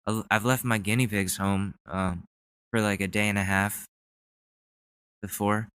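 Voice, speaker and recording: A man's voice: on the low side, fairly even intonation, measured pace, a bit bright, clean tone. A young man hosting a podcast, rambling in casual, sarcastic commentary with plenty of swearing. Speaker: podcast host.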